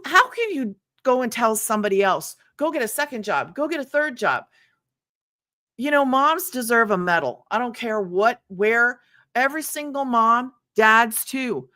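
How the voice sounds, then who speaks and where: A woman's voice: medium pitch, a bit bright. A middle-aged woman hosting a casual motivational livestream, emphatic and repetitive, acting out what others say. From United States. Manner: emphatic, repeats herself, acts out quoted voices. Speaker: livestream host.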